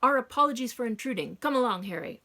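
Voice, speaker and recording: A woman voicing a brave, blunt young woman who speaks firmly and briskly. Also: on the high side, animated, sharp tone.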